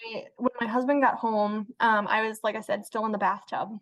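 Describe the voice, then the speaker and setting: Her mid-range, slightly bright voice keeps a fairly even intonation and moves a little fast. This young interview guest shares a personal story casually and chattily, laughing while she talks and leaning on many fillers.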